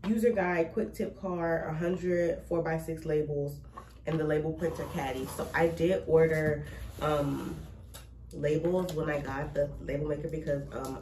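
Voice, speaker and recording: Teary woman rambling through an unboxing, low voice, echoey room, mic kinda far, noisy. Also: darkish tone. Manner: emotional, gushing, rambling with restarts. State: teary, close to crying. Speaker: vlogger unboxing a label printer. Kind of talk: casual chat to camera. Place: cluttered home recording room.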